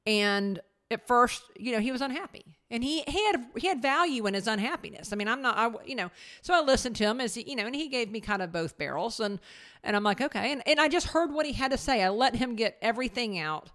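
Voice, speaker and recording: A woman who owns a company, telling a business story in casual conversation, animated and full of restarts. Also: on the high side, quick pace. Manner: animated, many restarts and acted quotes. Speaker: podcast guest, business owner.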